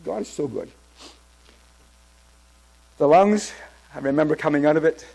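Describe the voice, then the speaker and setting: Gravelly older man giving church testimony. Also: a little high, expressive, dark tone, rough recording. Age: 70s. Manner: halting storyteller with restarts.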